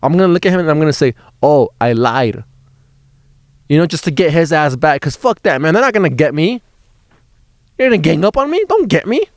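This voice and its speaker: A man's voice: fairly high pitch, big pitch swings, fast, dry recording, clean studio sound. A man, a stand-up comedian on a road trip, telling a rambling story in a casual, profane way, often restarting his words and laughing as he goes.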